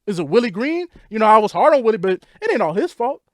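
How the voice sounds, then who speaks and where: Animated high-voiced man ranting about sports. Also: fast, no echo. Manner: animated, exasperated fan rant. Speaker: sports podcast host. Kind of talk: casual sports commentary vlog.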